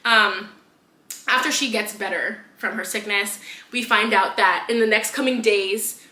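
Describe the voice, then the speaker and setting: Young woman podcast cohost, chatty, bright voice, echoey room. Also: medium pitch. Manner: chatty, retells scenes with quick quoted voices. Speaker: podcast co-host. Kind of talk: casual book review chat.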